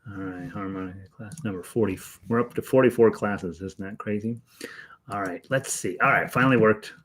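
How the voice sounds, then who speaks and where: A man with a slightly low, nasal voice that he himself likens to a frog. He talks in a loose, rambling way, greeting viewers by name as he gets an online harmonica class going from home. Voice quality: nasal, self-described as frog-like. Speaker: online music teacher. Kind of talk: casual livestream class chat. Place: home, in Denver.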